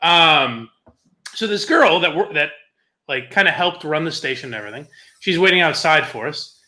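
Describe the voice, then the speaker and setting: A man's voice: a little high, moderate pace. A young man co-hosting a podcast, telling a story casually with lots of laughter and swearing. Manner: laughs often, swears, animated retelling.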